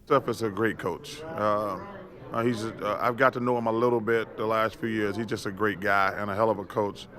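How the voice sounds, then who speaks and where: A man's voice: fairly low pitch, steady tone, normal speed, a bit bright. A man working as a broadcast analyst gives a hesitant interview soundbite with many fillers.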